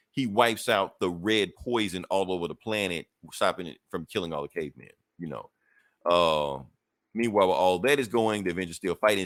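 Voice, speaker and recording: Deep-voiced man rambling through a comic recap. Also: a bit bright, dry recording, clean studio sound. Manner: loose, rambling, with profanity and self-corrections. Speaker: podcast host. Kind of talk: casual comic book recap.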